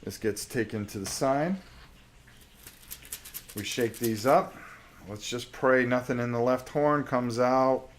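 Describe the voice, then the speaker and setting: A man's voice: medium pitch, slow pace, pauses often, slight background noise. A man with a sore voice hosting a live stream, playing a solo board wargame and thinking aloud as he checks the rules. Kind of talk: casual live-stream gameplay commentary.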